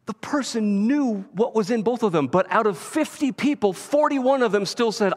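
A man's voice: sits high, expressive, moderate pace. A man preaching a sermon as a pastor, in a conversational way and often checking in with "right?". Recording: long reverb of a large hall.

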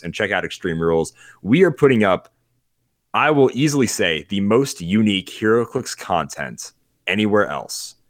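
A man's voice: on the low side, no echo, clean studio sound. A man co-hosting a casual podcast, playful and teasing. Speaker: podcast co-host.

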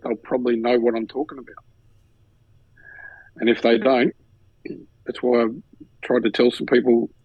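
An Australian man with a husky, mid-range voice co-hosts a podcast, heard on a dry, muffled recording. In casual chat he tells a personal story as an animated storyteller, acting out the lines others said.

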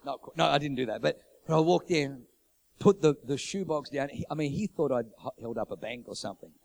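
A middle-aged pastor preaching a sermon, swinging from loud, urgent declarations to hushed, intimate storytelling. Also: male voice, medium pitch, animated, fairly quick, creaky, low-quality recording.

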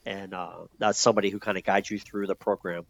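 Man, low voice, casual profane storyteller with fillers; lo-fi, muffled audio. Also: level tone, fast, vocal fry. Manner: loose and profane, many fillers and restarts. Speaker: guest telling his recovery story. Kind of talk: candid conversational storytelling. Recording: dull lo-fi sound.

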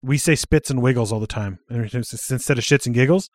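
A man's voice: medium pitch, a little fast, dry recording. Male podcast co-host, casual banter, laughs a lot, dry close recording. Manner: chatty, laughs often, gives advice. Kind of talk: casual chat.

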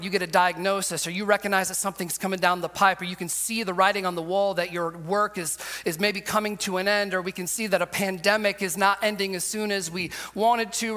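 A man preaching a sermon, telling a funny personal story in an animated way, acting out quotes and laughing often. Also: high voice. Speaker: pastor. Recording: long hall reverb.

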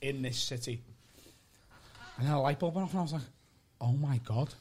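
A man, a guest comedian telling a comic story in an animated way, often asking "right?" and acting out what people said. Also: mid-range voice, fast. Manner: animated, keeps asking "right?", acts out quotes.

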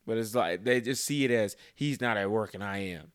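A man talking frankly and profanely in casual chat, animated as he vents. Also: lowish voice, brisk, clean tone, no room sound, studio quality.

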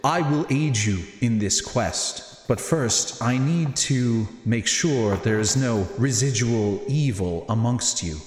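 A man voicing a solemn male guardian who speaks slowly and gravely. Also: medium pitch, echoey room, big-room sound, faint music behind, natural voice. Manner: slow, solemn delivery.

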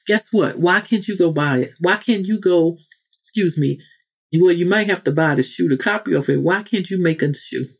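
A woman's voice: on the low side, moderate pace, creaky. A woman hosting a motivational podcast monologue. She talks straight to the listener in a preachy way and often breaks off to correct herself. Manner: frequent self-corrections and asides. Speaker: podcast host.

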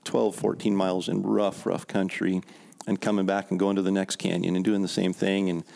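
Gravelly man telling a hunting story. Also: sits low, little pitch movement, moderate pace, darkish tone. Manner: laid-back, laughs often. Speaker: guest. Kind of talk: casual storytelling.

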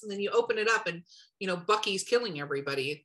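A woman chatting casually on a podcast, animated and quick to act out little quotes. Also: low-quality recording. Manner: animated, acts out quotes with shifting pitch. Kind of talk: casual chat.

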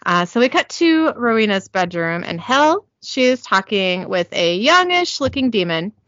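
A woman's voice: medium pitch, big pitch swings, normal speed, fairly bright tone, dry recording. A woman hosting a casual recap, chatty and self-correcting, often giggling. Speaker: podcast host recapping. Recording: dull lo-fi, dry.

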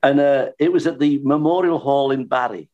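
An older man, a singer and entertainer, reminiscing in casual chat with animated, laughing anecdotes. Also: mid-range voice, normal speed, dull audio. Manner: anecdotal, animated, laughs while telling stories.

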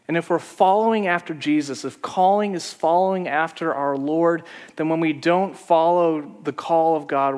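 A man's voice: fairly high pitch, big-room sound. A man preaching a sermon as pastor, telling stories in a conversational way.

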